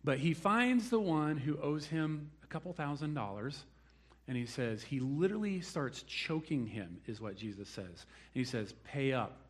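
A man's voice: on the high side, sing-song, moderate pace, slightly rough. A man preaching a sermon, telling the story with animation and acting out the people he quotes. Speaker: pastor.

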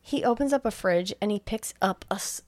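A woman's voice: mid-range voice, a little fast, dry recording. A woman co-host chatting casually and retelling a film scene by scene. She swears freely, laughs often and slips into voiced quotes for the characters. Her voice sits in a middle range, recorded dry with no room sound. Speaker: podcast co-host recapping a film. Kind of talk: casual chat.

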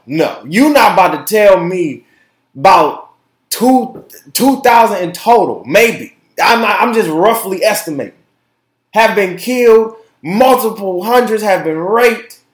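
A man hosts his own podcast in an impassioned, cursing rant that keeps doubling back on its words. He talks slowly, and his pitch jumps wildly between quiet, low asides and loud, high outbursts. The room around him rings with echo. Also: expressive. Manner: impassioned, profane, repeats words, swings from shouting to quiet. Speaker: podcast host. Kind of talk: casual opinion podcast monologue.

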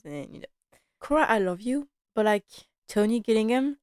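Chatty woman with a smooth, dry voice. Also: mid-range voice, normal speed, no echo. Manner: chatty and animated, laughing often, slipping into quoted lines. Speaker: podcast host recapping a TV drama. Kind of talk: casual chat.

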